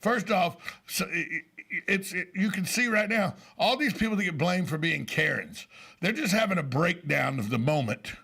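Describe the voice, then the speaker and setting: Gravelly-voiced joking male radio host. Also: high voice, expressive, normal speed, pushed and bright. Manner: joking, storytelling, self-mocking. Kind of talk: casual radio chat. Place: radio studio.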